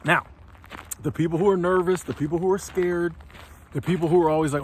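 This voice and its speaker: A man's voice: a little high, fairly quick, a little hiss or hum. Impassioned preachy man. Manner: preachy, animated, stumbling over words. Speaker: channel host. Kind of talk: impassioned motivational monologue.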